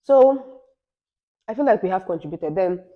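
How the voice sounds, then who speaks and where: A woman's voice: medium pitch, expressive, normal speed, phone-quality sound. A woman co-hosting a casual podcast, a little tipsy, talking in a rambling way with lots of "like" fillers. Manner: chatty, rambling, many "like" fillers. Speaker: podcast co-host.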